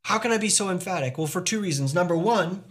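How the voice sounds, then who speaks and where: A man's voice: high voice, lively intonation, quick pace. A man preaching a sermon as pastor, earnest and emphatic, posing rhetorical questions to the congregation.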